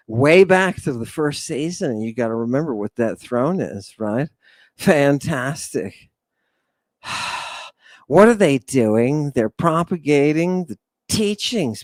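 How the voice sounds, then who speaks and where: A man preaching a scripture lecture with animated, sweeping pitch and a slightly high voice. He talks slowly and deliberately, calls out to his listeners, and sighs between points. The sound is close and dry, with no room around it. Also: no room sound. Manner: animated, preacherly, keeps addressing listeners as "people" and asking "right?"; sighs often, sarcastic asides. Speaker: host.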